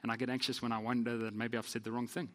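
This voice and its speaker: A man, a pastor telling a story in a sermon in an animated, self-deprecating way. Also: mid-range voice, racing, long reverb tail.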